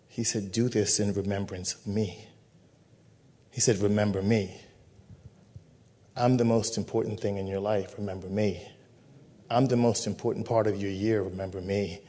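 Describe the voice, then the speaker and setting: Man preaching in a low, emphatic cadence. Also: mellow. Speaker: pastor. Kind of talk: communion sermon.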